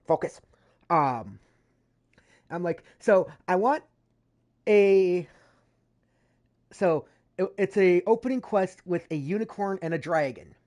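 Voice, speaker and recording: A woman's voice: on the low side, a little mellow. A woman streamer chatting casually over gameplay, rambling with frequent fillers and self-corrections. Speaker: gaming streamer.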